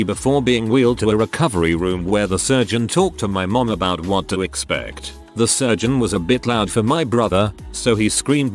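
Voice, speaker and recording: A man reading forum stories aloud as the channel's narrator, reading out stray punctuation and usernames. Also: on the low side.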